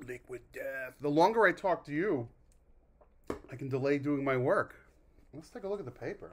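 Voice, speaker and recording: A man's voice: a little high, animated, moderate pace, long pauses, a little hiss or hum. A man hosting his own vlog, rambling in a wry, self-deprecating way with mock groans and asides. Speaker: vlog host. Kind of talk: casual rambling monologue.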